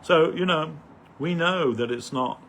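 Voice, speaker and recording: A man giving an earnest devotional sermon at a festival, pausing often with "uh" as he searches for words. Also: fairly high pitch, a bit bright, a little hiss or hum. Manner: earnest, halting, many "uh" pauses.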